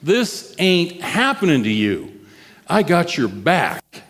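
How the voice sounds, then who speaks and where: A man's voice: fairly high pitch, sing-song, takes it slowly, fairly bright tone, big-room sound, full character voice. A man preaching and voicing an impulsive, loyal disciple who protests to his teacher. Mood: protesting. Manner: pleading and protective.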